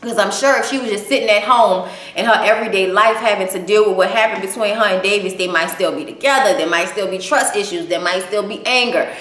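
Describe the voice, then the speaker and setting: A woman's voice: medium pitch, fast, fairly bright tone. Blunt, cussing woman in an echoey room. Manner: profane, blunt, opinionated. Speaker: TV show reviewer. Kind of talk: casual spoken recap.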